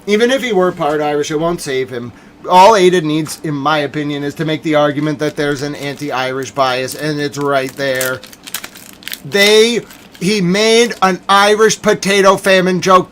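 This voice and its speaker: Homem agudo em desabafo indignado teatral. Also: male voice, on the high side, normal speed, slight background noise. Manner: theatrical mock outrage, swinging between loud and muttered. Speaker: livestream commentator. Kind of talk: mock-outraged livestream rant.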